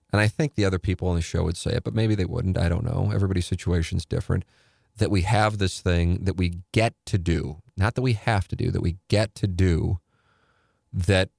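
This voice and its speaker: A man's voice: sits low, vocal fry, no echo, clean studio sound. A middle-aged man, a radio show host, talking candidly and rambling on a podcast. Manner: rambling, candid, self-correcting. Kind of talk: reflective podcast talk.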